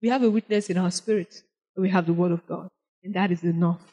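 Preaching quickly in a fairly low voice, a woman shifts between loud exclamations and gentle, prayerful lines with an animated delivery, all captured in poor audio.

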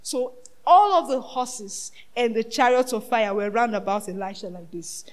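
A woman preacher with a high voice, delivering a sermon in bursts. She rises to shouts and falls to near-whispers, and often asks the congregation questions. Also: normal speed. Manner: dramatic, swinging between shouted peaks and hushed asides.

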